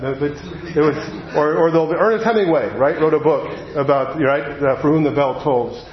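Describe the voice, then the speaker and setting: A man preaching a sermon, telling a personal story in an earnest way and slowing down on the heavy moments. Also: a little high, a little hiss or hum. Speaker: pastor. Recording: echoey hall, dull lo-fi sound.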